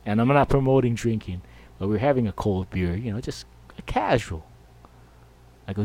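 A man's voice: fairly low pitch, moderate pace, pauses often, dark tone. A middle-aged man hosting a podcast, rambling and jokey in a casual monologue. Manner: rambling, jokey, full of fillers. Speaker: podcast host.

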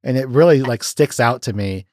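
An animated man in casual podcast chat, talking eagerly and breaking into laughter. His voice sits at an ordinary pitch and the sound is dry and close. He retells scenes with quick restarts. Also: no room sound. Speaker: podcast host.

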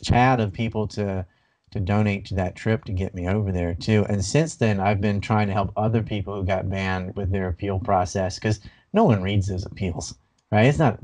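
A man guest in a casual interview, telling his story in an animated, rambling way with many restarts. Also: lowish voice. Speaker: banned video creator.

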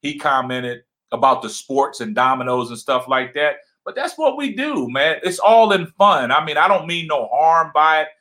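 Man co-hosting a home livestream; deep, loud, passionate delivery with a bright edge. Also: normal speed, hardly any pauses. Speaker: livestream co-host. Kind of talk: casual livestream chat.

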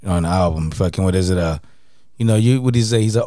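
Male co-host casual rambling talker, low voice, dry close sound, slangy and loose. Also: fast talker, warm tone, no echo. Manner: slangy and rambling, keeps saying "bro". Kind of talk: casual chat.

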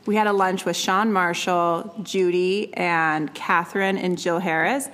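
A woman hosting an interview, relaxed and encouraging, telling stories in a lively way. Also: on the low side, a little slow, background noise. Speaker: interview host. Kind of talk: casual interview chat.

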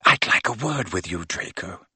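A low, quiet, menacing schoolmaster, as a male audiobook narrator puts him on, each word clipped and cold. The tone stays bright and a little husky, with a dry close sound. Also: expressive, moderate pace, dry recording, exaggerated voice. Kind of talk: audiobook character voice.

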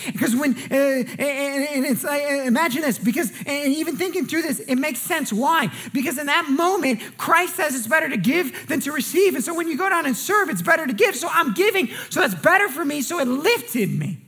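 A woman pastor preaching a sermon in an earnest way, often restarting and repeating words, and sinking low and quiet on key words. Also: animated, normal speed, few pauses. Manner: drops pitch and volume for emphasis.

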